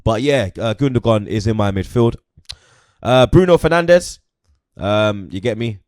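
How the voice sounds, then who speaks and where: A man's voice: fairly low pitch, lively intonation, unhurried, darkish tone, no echo, studio quality. A young man chatting casually about football as host, peppering his talk with slang like "you get me" and "blood".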